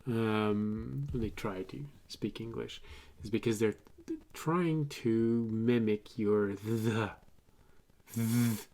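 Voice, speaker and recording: A man's voice: fairly low pitch, slow, hardly any pauses, mellow. A man from French-speaking Canada, a native French speaker, chatting casually in English while building a map on stream, rambling and muttering to himself. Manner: rambling, mutters under his breath. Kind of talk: casual chat while working.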